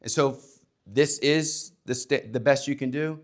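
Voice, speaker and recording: A former coach with a mid-range voice gives young people a motivational talk at a normal pace. He's emphatic, his delivery swinging between loud and hushed.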